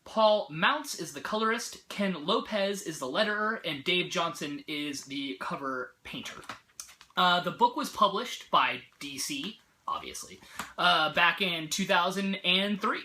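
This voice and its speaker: Bright-voiced excited comic book vlogger man. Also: high-pitched, measured pace, slight background noise. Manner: chatty and excited, many fillers. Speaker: comic book reviewer, channel host. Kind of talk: casual comic book review vlog.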